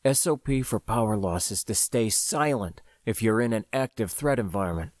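A man reading a novel aloud, voicing a matter-of-fact male guard who calmly explains procedure. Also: on the low side, normal speed, no echo, clean studio sound, natural voice. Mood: explaining.

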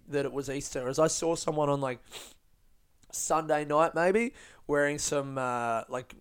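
A man hosting a podcast, telling stories in an animated, sweary way and laughing often. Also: on the high side. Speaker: podcast host and stand-up comedian. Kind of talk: casual podcast monologue.

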